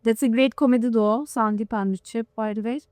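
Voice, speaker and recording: A woman hosting a podcast interview, chatty and quick with teasing asides, laughing often. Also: fairly high pitch, steady tone, a little mellow, no room sound, studio quality. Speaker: podcast host. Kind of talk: casual interview chat.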